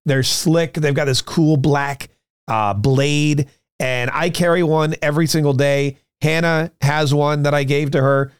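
A man's voice: fairly high pitch, steady tone, unhurried, smooth, dry recording. Rambling male podcast host, dry sound. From United States. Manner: rambling, conversational, frequent restarts. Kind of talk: casual political talk with merch plug.

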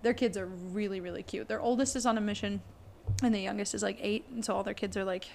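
A woman in her twenties, a podcast co-host, telling family stories in casual chat, animated and laughing often as she acts out quotes. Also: mid-range voice, fast, creaky, slight background noise.

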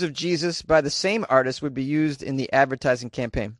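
A man's voice: medium pitch, fairly quick, dry recording. Wry man doing comedic news commentary. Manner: wry, joking asides, chatty. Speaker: host.

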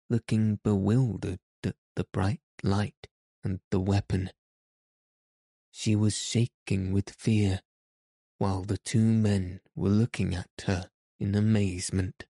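A man narrating a classic children's story in a measured, even storytelling manner. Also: on the low side, creaky, no echo, clean studio sound. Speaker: audiobook narrator. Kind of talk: scripted narration.

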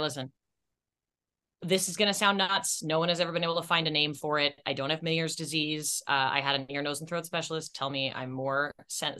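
A woman's voice: deep voice, sharp tone, smooth. A woman actress as a podcast guest, telling candid, self-deprecating stories in casual chat.

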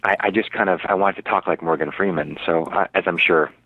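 A man's voice: sits low, fairly even intonation, fast talker, husky, dry recording. A male actor telling a story as an interview guest, rambling with many fillers and restarts. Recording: dry, tinny, phone-like radio audio.

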